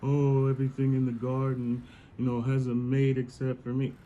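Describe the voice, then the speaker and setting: A man's voice: medium pitch, monotone, moderate pace, muffled recording, background noise, voice pushed up, lightly acted. A man voicing Adam as a whiny, lovesick young man who mopes and complains. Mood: moping. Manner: whining, moping.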